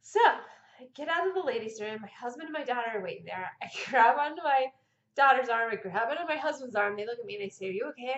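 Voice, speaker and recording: Lively high-voiced woman telling a story. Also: roomy sound, highs cut off. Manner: animated, laughing storyteller. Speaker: vlogger. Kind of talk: casual personal storytelling.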